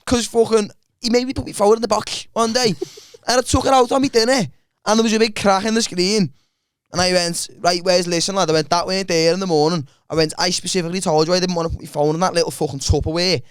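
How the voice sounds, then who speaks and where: A man's voice: high-pitched, fast talker, smooth, no room sound, studio quality. A man co-hosting a podcast, telling swear-filled stories and acting out the voices in them. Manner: animated, swearing, acts out voices in anecdotes. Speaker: podcast co-host. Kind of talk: casual banter, storytelling.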